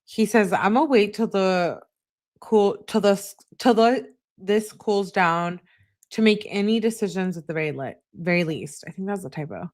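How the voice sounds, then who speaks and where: A woman hosting her channel, casually reading text messages aloud and adding short remarks of her own. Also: medium pitch. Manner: reads messages in a flat, unhurried voice with short asides.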